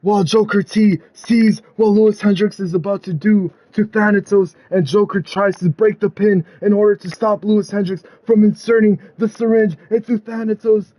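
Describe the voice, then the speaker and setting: A man narrates a wrestling video game storyline in a dramatic play-by-play style. His voice sits a little high, and he pushes it toward loud, excited peaks at the big moments. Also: moderate pace, hardly any pauses. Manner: excitable, builds to loud climaxes.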